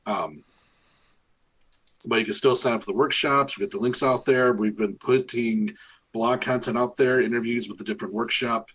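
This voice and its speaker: A man co-hosting a podcast in an easygoing, teasing way with quick interjections. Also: mid-range voice, fairly even intonation, fairly bright tone, slightly rough. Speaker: podcast co-host. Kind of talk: casual podcast chat.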